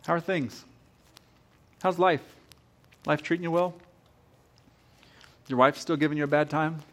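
A sly male devil leans in close and talks low and hushed, all buddy-buddy and insinuating, as a preacher puts him on. The voice sits a touch higher than most men's, yet it stays soft and quiet. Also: fairly even intonation, a little slow, natural voice. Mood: wheedling. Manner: low, hushed, chummy whispering.

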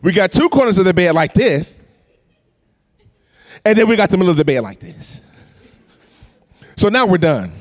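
Animated preaching man with lively pitch. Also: moderate pace, long pauses. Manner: animated, acts out voices and sounds. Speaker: pastor. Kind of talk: storytelling sermon.

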